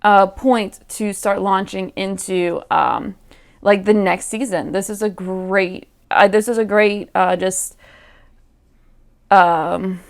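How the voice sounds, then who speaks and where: A woman talking through a TV episode she just watched, chatty and animated. She keeps addressing the characters directly and drops plenty of ums and likes. Her voice sits at a middle pitch for a woman. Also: slow pace. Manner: chatty, animated, talks to characters in quotes, many fillers. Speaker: reaction video host. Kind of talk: casual recap commentary.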